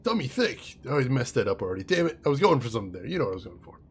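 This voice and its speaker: A man giving chatty, animated commentary while playing a video game, laughing often. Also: mid-range voice, rapid-fire, slightly rough. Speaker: gaming streamer. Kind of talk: casual let's-play commentary.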